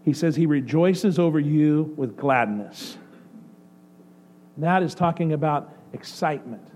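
A male pastor preaching a sermon, swinging between excited outbursts and soft, hushed passages. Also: a little high, measured pace. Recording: faint mains hum. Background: faint electrical hum.

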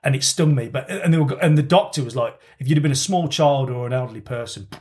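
A man's voice: mid-range voice, quick pace, a little mellow. A man telling a long, rambling story in casual podcast banter, swearing freely.

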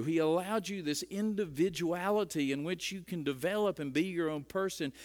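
A middle-aged man preaching a sermon in a conversational way, often repeating words as he starts a phrase. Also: on the high side. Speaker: pastor.

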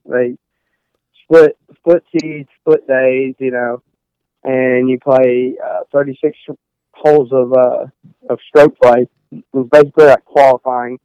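Speaking slowly and steadily, this young Texan golfer has a clear, resonant mid-range voice, captured without echo but on dull audio. He meanders casually through a college interview, restarting often and leaning on fillers.

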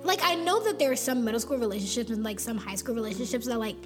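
A teenage girl with a fairly high voice talks in a loose, chatty way on a student podcast. She reacts with amused disbelief. Music plays clearly underneath her. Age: teens. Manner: chatty, incredulous, quick to react. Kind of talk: casual chat. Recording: music playing under the talk.

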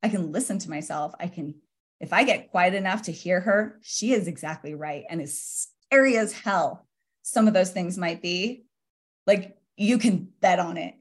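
A woman's voice: fairly low pitch, moderate pace, husky. A woman in her forties talking as a guest in a podcast interview, earnest and reflective, often laughing lightly. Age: 40s. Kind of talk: casual interview talk.

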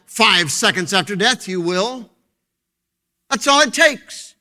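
A man preaching a fervent sermon from a church pulpit, moving between loud, emphatic declarations and hushed, intense passages, with a lot of repetition. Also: high-pitched, expressive, measured pace. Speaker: pastor.

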